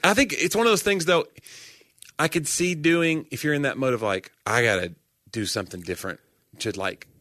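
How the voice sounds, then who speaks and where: A man co-hosting a casual chat, teasing and quick-witted. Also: on the high side, pushed and bright, no room sound, clean studio sound. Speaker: podcast co-host.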